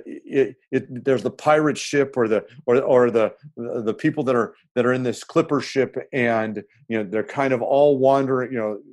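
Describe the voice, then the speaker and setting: A man's voice: medium pitch, darkish tone. A man, a pastor, talking earnestly in a reflective podcast, telling stories with frequent restarts.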